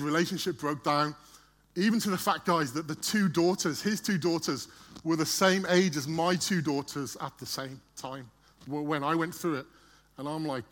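A man tells a story from the front of a church, chatting easily and stumbling over repeated words as he goes. His voice sits a little high and rings bright and forceful. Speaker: church speaker. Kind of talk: storytelling sermon.

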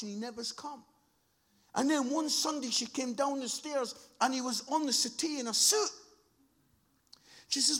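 A man preaching a sermon, telling stories with animated impressions of the people in them. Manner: animated storytelling, mimics people in high voices.

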